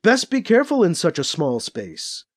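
Man voicing a slow, creeping alien tormentor. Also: high voice, wildly swooping pitch, heavily acted. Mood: taunting. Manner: slow, creeping, repetitive menace. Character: sinister male alien tormenting a trapped man.

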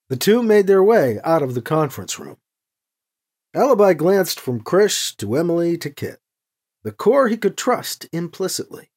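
Expressive audiobook narrator, very animated pitch. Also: normal speed, slightly rough. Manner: expressive, voices each character. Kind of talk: scripted narration.

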